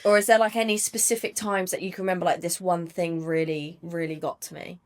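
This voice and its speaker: Woman podcast host, lower voice, easygoing and encouraging. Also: fairly even intonation, fairly quick. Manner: warm, encouraging questioner. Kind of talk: interview conversation.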